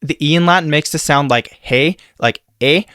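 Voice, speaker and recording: Man slowly teaching Latin pronunciation. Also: fairly high pitch, bright, forceful tone, no room sound, studio quality. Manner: slow, careful demonstration of sounds. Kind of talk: scripted pronunciation lesson.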